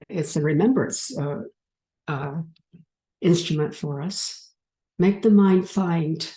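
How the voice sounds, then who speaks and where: A woman giving a spiritual talk and leading her audience through a guided exercise, gently coaxing and unhurried. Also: on the low side, roomy sound, poor audio. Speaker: speaker leading a group exercise.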